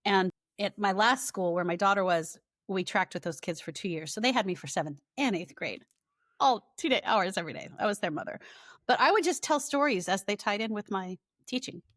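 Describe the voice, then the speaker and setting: A middle-aged woman, a guest author, telling lively stories in a casual podcast chat. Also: mid-range voice, fairly quick, no echo, clean studio sound. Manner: lively storyteller, animated quoting.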